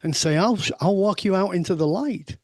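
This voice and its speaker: An older man, a leadership mentor, telling candid personal stories emphatically in conversation, sometimes swearing and dropping low and soft. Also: moderate pace, no room sound, studio quality.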